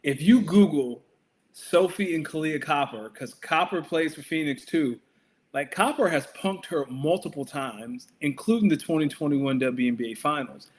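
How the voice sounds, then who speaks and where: A man's voice: fairly high pitch, moderate pace. A man co-hosting a casual sports podcast, talking with wry, dry commentary. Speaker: podcast co-host. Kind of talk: casual chat.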